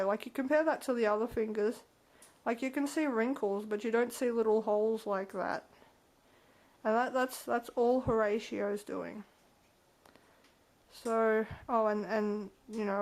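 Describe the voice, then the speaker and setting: A woman vlogging casually at home with her pet birds, talking in halting bursts with frequent restarts. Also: fairly high pitch, a little mellow. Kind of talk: casual talk to camera.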